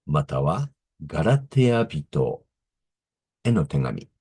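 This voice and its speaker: A deep, husky-voiced man teaching a language lesson at a slow, deliberate pace. His pitch rises and falls a lot as he repeats each word and corrects himself, with the odd chuckle. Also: big pitch swings, warm tone.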